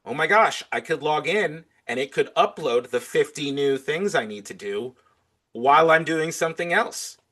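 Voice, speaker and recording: A man's voice: fairly high pitch, animated, normal speed, pushed and bright. Chatty man on a podcast. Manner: enthusiastic, acts out his own back-and-forth dialogue. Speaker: podcast guest. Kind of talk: casual interview chat.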